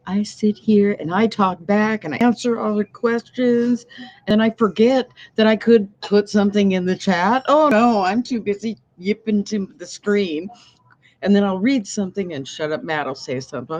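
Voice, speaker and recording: A woman's voice: mid-range voice, moderate pace, a little mellow. A woman co-hosting a casual livestream from a diner booth, talking in long rambling stories and laughing often. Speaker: livestream co-host. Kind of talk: casual chat. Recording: dull lo-fi livestream audio.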